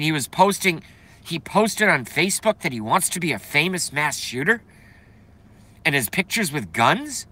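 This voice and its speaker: Man, livestream host, blunt, profane, chatty, congested, bright tone. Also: mid-range voice. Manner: blunt, profane, chatty, reads viewer comments aloud. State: congested, coughing. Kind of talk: casual livestream rant.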